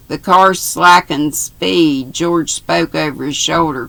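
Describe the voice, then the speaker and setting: An older woman reading a novel aloud, unhurried and pausing now and then to correct herself. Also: low-pitched, vocal fry, sharp tone. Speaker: reader.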